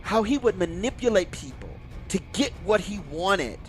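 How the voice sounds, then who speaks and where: A man with a high, light voice talks through a film he loves, gushing and enthusiastic and swearing freely. He acts out lines from the film in a casual, excited way. Faint music plays underneath. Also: normal speed. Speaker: YouTube movie reviewer. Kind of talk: excited casual movie review.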